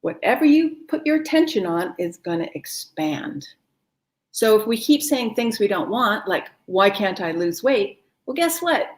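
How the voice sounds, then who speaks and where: A woman's voice: on the high side, very animated, moderate pace. A woman teaching a live-streamed wellness class, talking in an encouraging, chatty way and laughing often. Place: home, no kids in the house.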